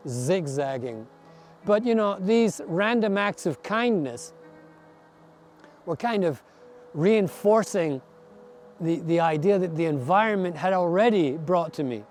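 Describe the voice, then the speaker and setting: A man in his sixties telling his story in an earnest, reflective way, slowing down to stress his words. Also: high voice, darkish tone. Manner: earnest, slow, emphatic. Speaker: adventurer recounting a long walk.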